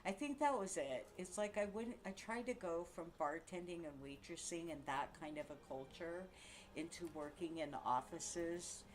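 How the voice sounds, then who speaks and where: A woman's voice: lowish voice, normal speed, slight background noise. A woman of about sixty ranting in casual home-video talk, swearing freely and laughing between angry outbursts. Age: 60s. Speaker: vlogger. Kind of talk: angry casual rant to camera.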